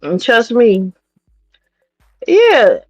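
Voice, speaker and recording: A woman from New York City hosting a livestream, talking in a blunt, profane and animated way as she gives her commentary. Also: a little high, very slow, dry recording, lo-fi sound, faint music behind. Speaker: streamer host.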